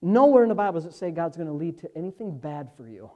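A man preaching a sermon as pastor, impassioned, moving from quiet asides to loud exhortation. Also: fairly high pitch, animated, quick pace.

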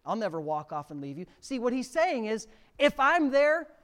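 A man's voice: very high-pitched, very animated, normal speed. Male pastor preaching with big surges. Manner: preaching with sudden loud rises to near shouting. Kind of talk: sermon.

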